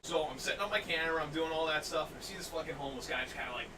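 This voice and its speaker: A young man hosting a podcast, telling stories in an animated way, laughing often and loudly acting out what people said. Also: a little high, very fast. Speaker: podcast host. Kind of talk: casual storytelling chat. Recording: distant mic, faint noise.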